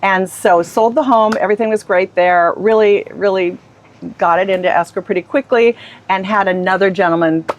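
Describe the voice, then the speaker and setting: A middle-aged woman recounts her work stories in an interview, her voice at an average pitch. She tells them with animation and slips into the voices of the people she quotes. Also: normal speed. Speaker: real estate agent, guest. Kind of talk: storytelling interview.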